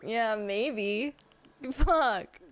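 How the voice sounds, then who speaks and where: A woman's voice: a little high, drawn-out words. A woman chatting casually on a live game stream, giggling often and making crude jokes. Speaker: livestream gamer.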